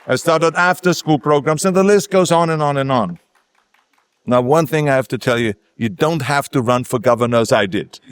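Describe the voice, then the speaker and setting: A man's voice: medium pitch, dry recording, clean studio sound. An older man with a German accent, a native German speaker, giving an emphatic ceremonial speech with self-mocking humor. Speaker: guest speaker. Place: outdoor ceremony.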